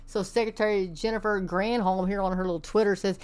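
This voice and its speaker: A woman's voice: medium pitch, fairly even intonation, a little fast, few pauses, darkish tone, clear, resonant tone. A woman from Texas hosting an online commentary show, reading news articles aloud and adding sarcastic, scoffing asides.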